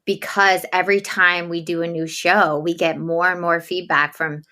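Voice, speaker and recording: Lowish bright-toned woman, chatty guest. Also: level tone, normal speed. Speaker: podcast host as guest. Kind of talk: casual conversational interview.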